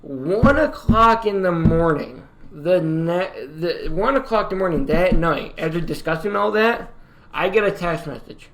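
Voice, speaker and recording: A young man from upstate New York telling a personal story in a casual vlog, rambling and halting with many fillers and restarts. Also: on the high side, fairly bright tone. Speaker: YouTuber.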